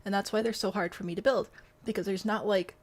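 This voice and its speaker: Woman streamer, casual and self-mocking, mid-pitch with a gravelly edge, hiccuping. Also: steady tone, quick pace. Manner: wry, self-deprecating, reads chat aloud and answers. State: has the hiccups. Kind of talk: casual live-stream chatter while building in a game.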